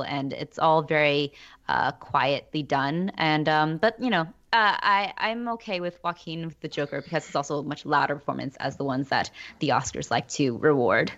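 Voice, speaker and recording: A woman's voice: low-pitched, fairly bright tone. A woman on a film podcast panel, opinionated and casual, with frequent fillers and restarts. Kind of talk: casual chat. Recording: dull lo-fi audio.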